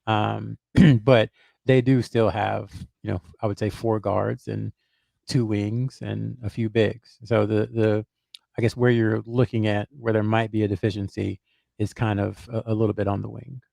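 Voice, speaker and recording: A man's voice: on the low side, level tone, unhurried, vocal fry, mellow, dry recording, studio quality. A man on a podcast, a basketball reporter who hedges and thinks aloud with lots of fillers and restarts. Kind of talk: casual podcast chat.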